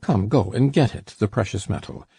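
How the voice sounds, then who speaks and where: A man reading the part of a domineering, miserly old father who coaxes his daughter and flares into rage, in a gravelly, husky voice. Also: fairly low pitch, normal speed, dark tone, exaggerated voice. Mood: coaxing. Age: older. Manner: wheedling then furious. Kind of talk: audiobook character reading.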